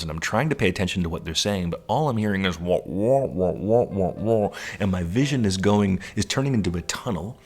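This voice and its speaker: A man in his late thirties telling a personal story in a lively, animated way, acting out the voices of the people in it. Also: low-pitched, breathy edge. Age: 30s. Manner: animated, acts out quoted voices. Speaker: storyteller recounting his life.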